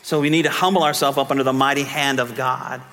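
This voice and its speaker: A man preaching a sermon as pastor, moving from quiet teaching to fervent, almost shouted appeals. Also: medium pitch, steady tone, fast talker, in a large hall, soft background music.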